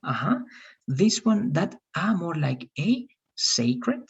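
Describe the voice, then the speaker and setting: Husky teacher giving patient feedback. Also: medium pitch, sing-song, takes it slowly, highs cut off. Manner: encouraging, correcting pronunciation patiently. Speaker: English teacher. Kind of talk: online class feedback.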